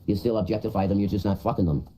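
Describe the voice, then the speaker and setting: A man's voice: on the low side, very fast, mellow, slight background noise, rough recording. A man on a livestream, rambling crudely and repeating himself in casual chat.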